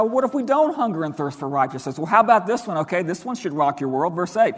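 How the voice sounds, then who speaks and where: Emphatic preacher in a reverberant hall. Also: male voice, high-pitched, lively intonation, quick pace, few pauses. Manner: emphatic, swings from loud to quiet. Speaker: pastor. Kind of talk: sermon. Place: church sanctuary.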